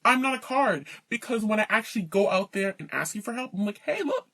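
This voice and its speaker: A woman's voice: medium pitch, animated, a little fast, fairly bright tone. A woman giving an indignant, emphatic personal rant to camera, worn out and mocking the people she talks about. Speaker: vlogger.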